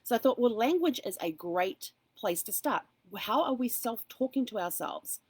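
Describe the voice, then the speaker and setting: A woman's voice: a little high, lively intonation, moderate pace, husky, no room sound, rough recording. A woman hosting a casual motivational talk, speaking in an earnest, encouraging way and weaving in personal asides. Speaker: host.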